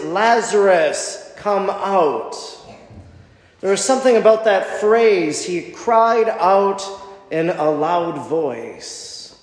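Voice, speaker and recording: A man's voice: high-pitched, darkish tone. A man preaching an Easter homily as a priest, reflective and wondering as he reasons aloud. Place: church. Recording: echoey church with long reverb.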